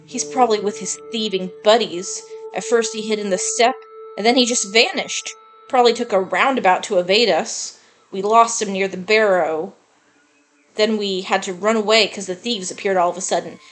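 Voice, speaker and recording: A woman's voice: mid-range voice, moderate pace, faint music behind, close to an everyday voice. A woman reading out an angry male gang member. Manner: reads game dialogue aloud plainly, heated curses.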